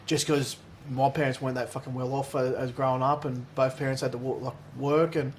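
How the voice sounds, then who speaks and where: A man's voice: medium pitch, flat delivery, a little fast, slight background noise. An Australian man co-hosting a podcast in casual chat, blokey, swearing heavily and laughing along. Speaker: podcast co-host.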